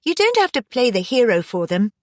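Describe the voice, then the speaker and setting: A woman voicing a young married woman in an audiobook, sharp and pleading with her father. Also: fairly high pitch, very animated, a little fast, no room sound, clean studio sound, voice pushed up. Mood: angry. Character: young married woman, angry and hurt daughter.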